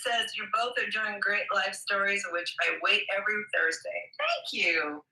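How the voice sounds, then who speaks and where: A woman chatting on a livestream, promoting a retreat in a friendly way and signing off warmly. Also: mid-range voice, sing-song, moderate pace, reverberant, over a noisy crowd, rough recording. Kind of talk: casual livestream chat.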